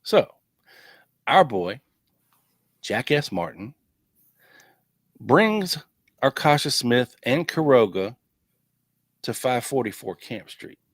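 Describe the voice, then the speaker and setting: A podcast host reading through old investigation files, casual and chatty, with wry asides thrown in between the quotes. His voice sits at an ordinary man's pitch. The sound is dry and close, with no room echo. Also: big pitch swings, slow, pauses often. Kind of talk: casual chat, reading documents aloud.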